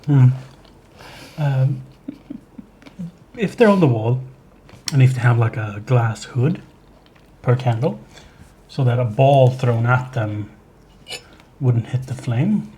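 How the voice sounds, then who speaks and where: A man hosting a live cooking stream, chatting slowly and thoughtfully and chuckling often. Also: medium pitch, animated, mellow. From Sweden. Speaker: livestream host. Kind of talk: casual chat while cooking. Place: home kitchen. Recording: kitchen clatter behind the voice.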